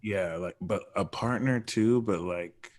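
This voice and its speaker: A man's voice: sits low, takes it slowly. A man guest in a casual astrology chat, often hesitating and trailing off with "like" and "I don't know". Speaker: podcast guest.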